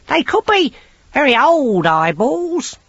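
A sardonic talking raven, squawks in a bright, high voice that leaps wildly in pitch. He drawls slowly and cheekily. The recording sounds dull and lo-fi. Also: big pitch swings, no room sound, full character voice. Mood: cheeky. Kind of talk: audiobook character voice.

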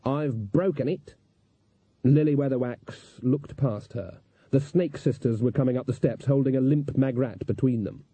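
A man narrating a story in an even, measured storytelling voice. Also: mid-range voice, slightly rough, no echo. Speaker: audiobook narrator. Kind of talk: scripted narration. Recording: dull, dry lo-fi recording.

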